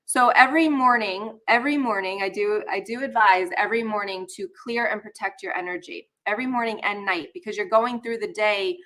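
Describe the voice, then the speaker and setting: Bright-sounding woman doing a chatty live stream, talks right to her viewers, a bit under the weather. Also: mid-range voice, fairly quick, few pauses. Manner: chatty, talks straight to viewers, greets chat. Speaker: spiritual coach hosting a live session. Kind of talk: casual live-stream teaching.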